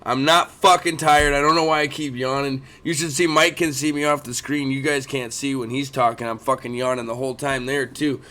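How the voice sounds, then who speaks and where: A man in his thirties co-hosting a casual sports chat, talking fast and swearing often. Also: medium pitch. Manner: profane, animated, keeps complaining he yawns. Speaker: podcast co-host.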